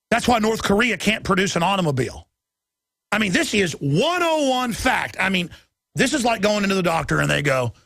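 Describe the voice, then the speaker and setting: Male talk host, high gravelly voice, heated shouting rants. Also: dry recording, studio quality. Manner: impassioned, shouting, rapid-fire ranting. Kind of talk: ranting political talk show.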